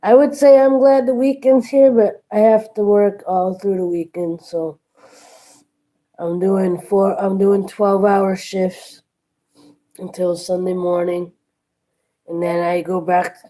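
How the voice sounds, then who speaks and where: A woman's voice: medium pitch, little pitch movement, takes it slowly, dark tone, rough recording. A tired woman chatting casually with her live-stream viewers from her workplace, yawning and thanking them one by one.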